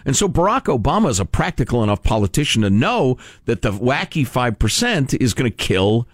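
A man's voice: mid-range voice, very animated, fairly quick, no room sound, studio quality. A man co-hosting a talk radio show, sarcastic and emphatic, often feigning outrage. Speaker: radio co-host.

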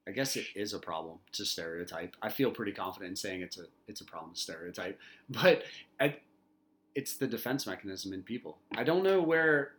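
Podcast co-host, male dad, bright forceful voice, rambling and profane. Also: fairly low pitch, expressive, brisk. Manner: rambling, filler-heavy, swears freely. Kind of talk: casual podcast chat.

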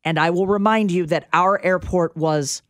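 A woman co-hosting a radio talk show, telling an anecdote in a dramatic, animated storytelling manner on a studio mic. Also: fairly low pitch, moderate pace, dry recording. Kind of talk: casual chat storytelling.

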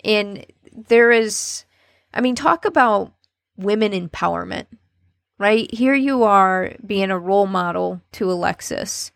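A woman's voice: medium pitch, creaky, no echo, clean studio sound. A woman hosting a podcast interview, reflective and affirming as she frames her guest's story. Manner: slow, reflective, warm affirmations. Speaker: podcast host.

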